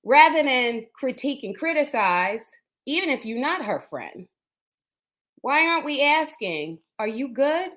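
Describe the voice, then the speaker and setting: A woman with a fairly high voice talks during a casual panel chat. She speaks earnestly and keeps checking for agreement with a quick "right?". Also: big pitch swings, fairly bright tone. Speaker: co-host.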